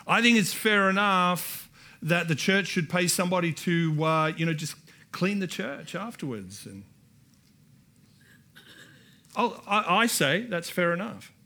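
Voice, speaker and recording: Man, Australian accent, pastor, sermon, bright voice, emphatic, calls to congregation. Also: sits high, lively intonation, normal speed. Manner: builds to emphatic repeated lines, calls out to the congregation. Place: church hall.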